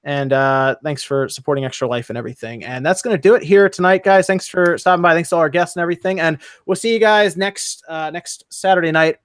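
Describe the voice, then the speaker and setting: A man with a fairly high voice hosts a laid-back gaming stream. He stumbles and repeats words as he chats with guests. The sound is dry and close. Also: fairly even intonation, fast talker, hardly any pauses, fairly bright tone, clear, resonant tone, no echo. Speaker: podcast host. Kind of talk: casual chat.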